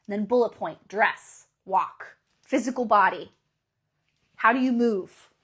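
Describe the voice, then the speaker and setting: A woman astrologer and coach giving a motivational pep talk, animated and emphatic, with sudden bursts of excitement. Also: mid-range voice, measured pace, breathy edge.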